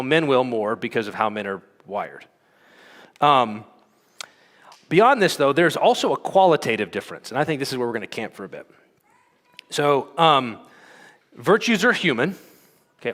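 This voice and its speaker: In a conference hall, a male speaker gives a teaching talk in a conversational style, using many fillers and checking in with the audience by asking "okay?" His mid-range voice is animated and a bit bright, at normal speed with frequent pauses. Long hall reverb colors the recording.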